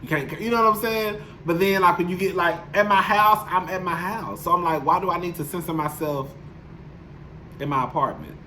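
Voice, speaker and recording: A man's voice: high voice, a little fast, bright, forceful tone, a little hiss or hum. A man chatting candidly and emotionally to his viewers in a casual, profane vlog, speaking from his apartment. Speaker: YouTube commentator. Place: home apartment. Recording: roomy echo.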